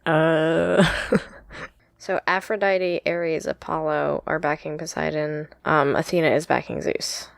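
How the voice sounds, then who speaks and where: A woman co-hosting a podcast, chatting casually about a book, quick to laugh and often stopping to correct herself. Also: low-pitched, level tone, gravelly, no room sound. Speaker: podcast co-host. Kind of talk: casual book-discussion chat.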